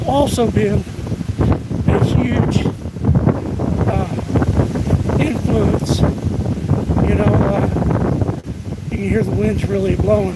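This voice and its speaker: A breathless man talks slowly in a fairly high voice, drawling and stopping to catch his air between halting phrases. He is outdoors on open land, and loud wind roars over his phone mic. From United States. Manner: halting, drawling, many restarts and fillers. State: out of breath, winded. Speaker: live streamer. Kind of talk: casual live-stream chat while walking.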